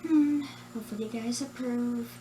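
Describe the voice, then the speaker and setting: A woman's voice: fairly high pitch, normal speed, mellow, a little hiss or hum. A woman hosting a casual vlog at home, talking hesitantly with lots of giggles and fillers. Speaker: channel host. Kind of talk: casual vlog about doing character voices.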